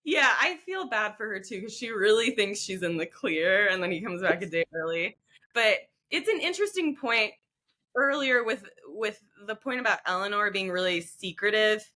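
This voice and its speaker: A woman's voice: mid-range voice, animated, normal speed, sharp tone. A woman co-hosting a podcast in casual chat, earnest and opinionated, with emphatic asides. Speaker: podcast co-host.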